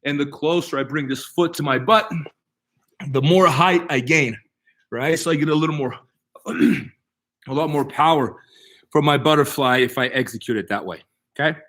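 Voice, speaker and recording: A man's voice: fairly high pitch, normal speed, long pauses, a bit bright. A middle-aged man teaching a live online martial arts class, explaining techniques step by step and checking in with "right?" as he demonstrates. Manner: explanatory, repeats key points with "right?". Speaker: jiu-jitsu instructor.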